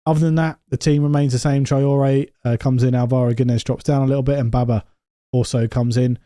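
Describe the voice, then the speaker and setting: A man commentating on his own football management game, excitable and quick to get exasperated. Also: mid-range voice, dry recording, clean studio sound. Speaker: gaming YouTuber.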